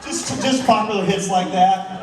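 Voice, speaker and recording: A man's voice: high voice, unhurried. A man in his thirties from Southern Oregon, doing a stand-up comedy set in a loose, chatty way with frequent restarts. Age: 30s. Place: large theater stage. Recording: echoey, distant theater recording with room noise.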